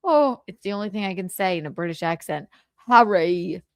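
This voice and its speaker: A woman's voice: medium pitch, very animated, fast talker, a little mellow, clear, resonant tone, dry recording, studio quality. A woman streamer chatting casually and giggling as she jokes while reacting to videos. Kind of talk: casual chat on livestream.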